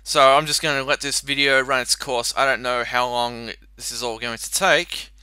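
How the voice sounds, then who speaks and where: A man's voice: medium pitch, fairly even intonation, normal speed, bright, forceful tone, clear, resonant tone, dry recording. A man casually commentating on an old adventure game, chatty and crude. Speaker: let's play host.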